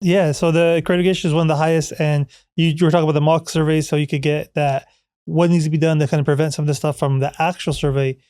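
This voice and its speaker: A man's voice: a little high, level tone, fast talker, a little mellow, clean tone, dry recording, studio quality. A man hosting a podcast interview, asking questions and summing up his guest's points. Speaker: podcast host.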